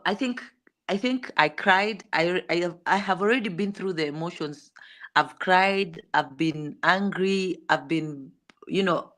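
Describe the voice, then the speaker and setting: A woman guest in a casual group chat who asks curious questions and speaks calmly when reflecting. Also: low voice. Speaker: guest, online group moderator.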